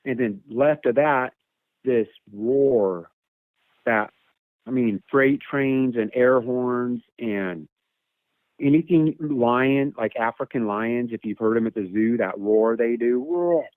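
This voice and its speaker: A man's voice: medium pitch, slow, no echo. A man telling a long personal story in a casual, rambling way, repeating words and imitating animal calls, over a phone line. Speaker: guest telling an encounter story. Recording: tinny phone line, dry.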